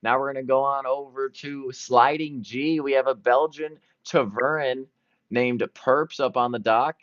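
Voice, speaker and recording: A man giving excited live play-by-play commentary, jumping quickly from one event to the next, on a dull lo-fi stream recording. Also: medium pitch, no echo. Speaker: sports commentator.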